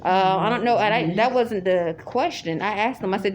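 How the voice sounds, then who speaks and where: A woman with a medium-pitched voice talks casually to the camera at normal speed in a spoken monologue. She rambles and repeats herself with many restarts, while loud crowd chatter fills the background.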